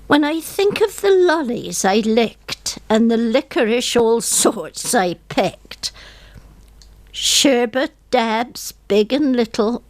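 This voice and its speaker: A woman's voice: a little high, no room sound, exaggerated voice. A woman voicing a rueful older woman lamenting her rotten teeth, in an English country accent, with a lilting comic recitation. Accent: English country accent, impression of a poet.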